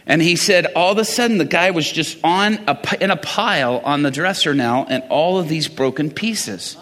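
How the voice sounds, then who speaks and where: A man's voice: a little high, moderate pace, few pauses. A middle-aged man preaching a sermon as a pastor, telling stories in a conversational way and often laughing. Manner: animated, conversational storytelling with laughs. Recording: reverberant hall.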